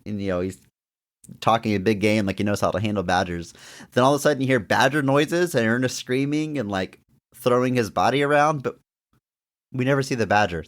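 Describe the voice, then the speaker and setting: A young man talks through a film on a casual podcast in a low voice. He laughs often, and his pitch leaps up whenever something excites him. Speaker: podcast co-host. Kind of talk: casual movie review chat.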